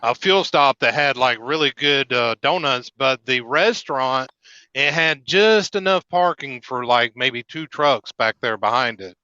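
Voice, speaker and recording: A man's voice: mid-range voice, animated, a little slow, bright, forceful tone, clean tone, no echo, lo-fi sound. A man with a Southern accent, a trucker chatting casually on a live stream and rambling with many fillers and restarts. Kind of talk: casual chat.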